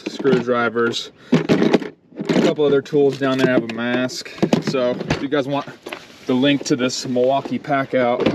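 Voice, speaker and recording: A man's voice: medium pitch, very noisy. A man talking casually through a work-day vlog outdoors, rambling with plenty of ums. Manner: laid-back, rambling, lots of ums. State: a bit out of breath. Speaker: pressure washing business owner. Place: outdoors at a rural job site.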